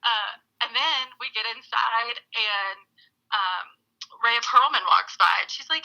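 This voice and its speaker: Bright, lively woman telling stories. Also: on the high side, moderate pace, creaky, lo-fi sound. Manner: animated, acts out quoted voices, laughs often. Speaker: guest. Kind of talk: casual storytelling interview.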